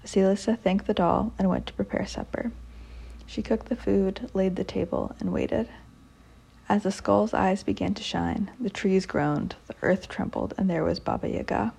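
A woman reading a folk tale aloud as storyteller, with a measured, steady manner. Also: mid-range voice, gravelly, breathy edge.

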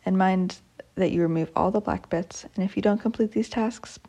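A woman playing Baba Yaga, a gravelly, menacing old witch. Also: medium pitch, moderate pace, mellow. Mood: threatening. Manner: commanding, threatening. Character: fearsome old witch who eats people.

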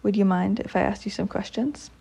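A woman's voice: medium pitch, fairly quick, creaky, warm tone, slightly rough. A woman reading a storybook, voicing a frightened, polite young girl who speaks in a hesitant way. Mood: timid.

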